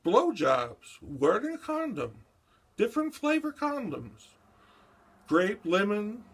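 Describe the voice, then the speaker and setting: High-pitched, sharp-voiced older man ranting. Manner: erratic, profane and agitated, jumping between topics. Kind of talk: rambling monologue.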